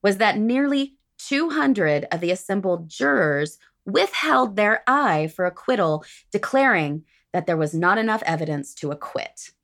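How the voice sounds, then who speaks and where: A woman's voice: medium pitch, lively intonation, measured pace, hardly any pauses, a bit bright. A woman podcast host reading a prepared history segment with dry, sardonic asides.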